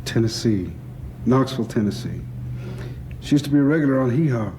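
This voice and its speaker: An actor playing an older crime boss with a gruff, gravelly, blunt and profane way of talking, in a film scene. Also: male voice, mid-range voice, expressive, fairly quick, mellow, slight background noise, close to an everyday voice. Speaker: crime boss planning a heist. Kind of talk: film dialogue.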